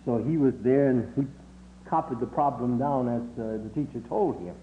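An older man recalling childhood memories in a halting way, with many filler sounds, lifting his voice when he quotes people. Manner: halting, with frequent 'uh' fillers; acts out quoted voices with rising pitch. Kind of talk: oral history reminiscence. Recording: tinny lo-fi recording with faint hum.

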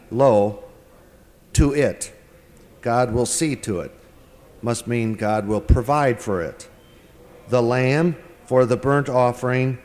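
A man giving a verse-by-verse scripture lecture, working through the text word by word with pauses and filler sounds. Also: mid-range voice, darkish tone, long reverb tail. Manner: deliberate, translating word by word with frequent pauses and fillers. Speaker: Bible teacher.

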